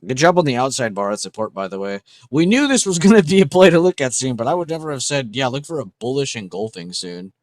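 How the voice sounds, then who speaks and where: Casual, profane young livestream host. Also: male voice, medium pitch, sing-song, fast talker, hardly any pauses, no echo. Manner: casual, profane, enthusiastic, reacting to chat.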